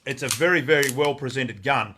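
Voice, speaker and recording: A middle-aged Australian man, easygoing and talkative, hosting a live stream. His voice sits at an ordinary middle pitch. He rambles with plenty of ums and greets viewers by name as he goes. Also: a little fast, background noise. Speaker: gun shop owner hosting a live stream. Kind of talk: casual live-stream chat.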